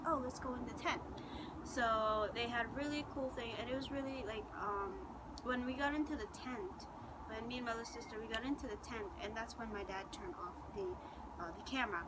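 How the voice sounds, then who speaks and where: Rambling excitable woman vlogger, noisy background. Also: fairly high pitch. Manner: rambling, excitable, heavy use of "like". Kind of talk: casual story time. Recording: noticeable background noise.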